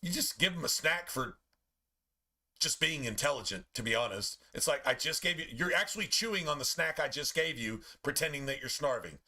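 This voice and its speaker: Dude streaming a game, high-ish voice, goes all over the place telling pet stories, swears a lot. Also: male voice, moderate pace. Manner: animated, profane storytelling with playful put-on pet voices. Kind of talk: casual chat while streaming gameplay.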